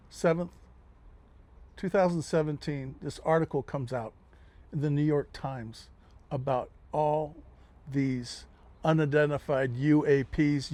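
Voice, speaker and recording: Older man, animated storyteller. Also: fairly high pitch. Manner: animated, acts out quoted dialogue. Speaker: podcast guest. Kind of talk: firsthand storytelling.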